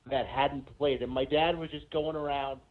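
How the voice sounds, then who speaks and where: A man's voice: medium pitch, fairly even intonation, moderate pace. Brief: male co-host, casual rambling storyteller, narrow phone-line sound. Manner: rambling anecdote with many fillers. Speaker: podcast co-host. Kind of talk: casual chat.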